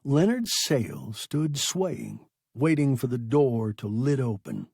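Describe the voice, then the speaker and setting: A man narrating a science fiction story in a dramatic, expressive audiobook reading. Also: mid-range voice, slow, creaky, husky, no echo, clean studio sound.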